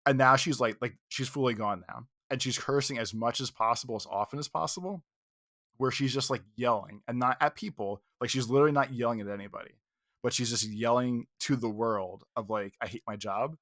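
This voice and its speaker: Male podcast co-host, mid-pitched, casual and animated, swears a lot, dry close mic. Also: brisk, no room sound. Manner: animated, profane retelling with quoted outbursts. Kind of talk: casual storytelling chat.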